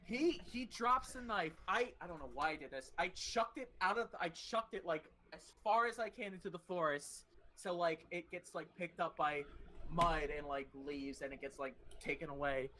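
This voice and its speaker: A young adult podcast host casually telling a long personal story, animated and swearing freely. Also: mid-range voice, moderate pace.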